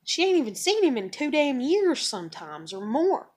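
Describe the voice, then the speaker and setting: A woman venting in a personal vlog, blunt and emotional, swearing often as she talks about her life. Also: normal speed. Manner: acts out others in higher excited voices. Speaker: vlogger.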